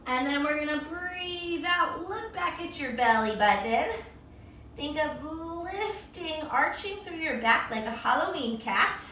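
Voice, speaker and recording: Woman, kids yoga teacher, playful and encouraging, high voice, heard from a distance. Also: expressive, unhurried, pushed and bright, a little hiss or hum. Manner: playful, encouraging, sing-song. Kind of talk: guiding a children's yoga class with a storybook. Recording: echoey room, voice from a distance.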